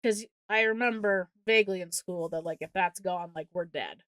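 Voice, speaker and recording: A woman co-hosting a movie podcast, recounting a film's plot in casual, exasperated, animated chat with plenty of swearing. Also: lowish voice, normal speed, no room sound, clean studio sound. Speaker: podcast co-host.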